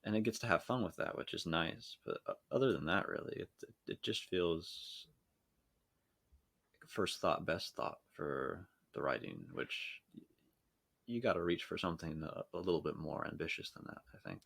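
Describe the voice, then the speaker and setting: A man co-hosting a podcast in casual chat, speaking in a measured, hesitant way with many fillers. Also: deep voice, expressive, vocal fry, fairly bright tone, breathy edge, no echo, studio quality. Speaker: podcast co-host.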